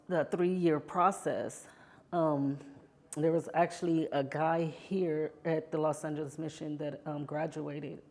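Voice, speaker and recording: Low-voiced woman telling her story. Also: creaky. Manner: heartfelt storytelling, often adds "you know"; grows animated when reliving past moments. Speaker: interview guest. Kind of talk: personal testimony interview.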